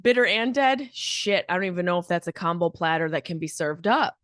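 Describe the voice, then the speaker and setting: A woman's voice: on the low side, lively intonation, a little fast, a bit bright, no echo, studio quality. A woman comedian hosting her own podcast, talking in a brash, profane, fired-up comic monologue.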